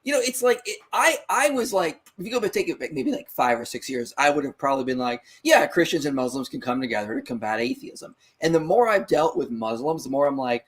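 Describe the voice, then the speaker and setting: A man's voice: fairly high pitch, animated, a little fast, hardly any pauses, slightly rough. A man co-hosting a live discussion, speaking with passion and indignation. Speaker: live show co-host. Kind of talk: heated casual discussion.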